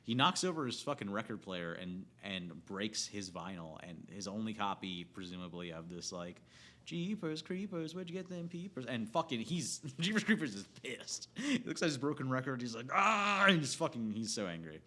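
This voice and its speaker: A man's voice: lowish voice, normal speed. A young man giving a casual, profane movie rant, rambling with lots of filler words and restarts as he retells the plot. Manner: animated plot retelling with acted quotes. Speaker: movie reviewer.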